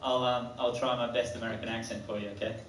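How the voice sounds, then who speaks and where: A man's voice: mid-range voice, flat delivery, fast, fairly bright tone. A man doing chatty, hesitant stand-up comedy about having an accent. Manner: chatty, hesitant, self-aware. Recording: echoey distant stage mic with clicks.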